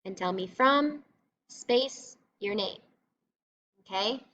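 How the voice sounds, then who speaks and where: Taking it slowly, a woman with a medium-pitched, fairly bright voice leads a recorded reading lesson for a class. Her explanations are patient, encouraging, and go step by step. Faint noise and a slightly dull lo-fi quality mark the recording.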